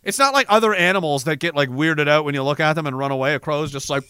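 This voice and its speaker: A young man rambling comedically to a live audience in a profane, animated way, reading viewer messages and breaking into sudden shouts. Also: on the high side, quick pace, clean tone, no echo, clean studio sound. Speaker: live streamer.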